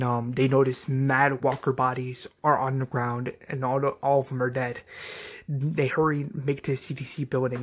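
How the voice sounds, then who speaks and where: A man recaps a fan-made episode in a loose, rambling way, leaning on ums and likes and restarting his sentences. His voice is somewhat husky, pitched in the middle. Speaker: channel host recapping a fan series.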